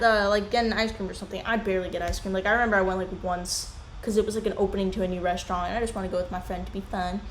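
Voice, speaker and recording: A young woman in casual commentary chat, rambling and animated as she drifts from one tangent to the next. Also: on the high side. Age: young adult. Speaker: commentary YouTuber. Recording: echoey room with faint hiss.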